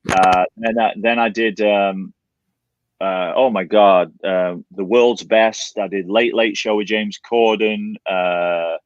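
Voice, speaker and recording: A man in his forties from England with a Yorkshire-born English accent softened by a slight Canadian twang, telling stories as a guest in a casual livestream chat. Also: on the low side, takes it slowly, no room sound, lo-fi sound. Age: 40s. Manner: chatty, animated storyteller with many restarts.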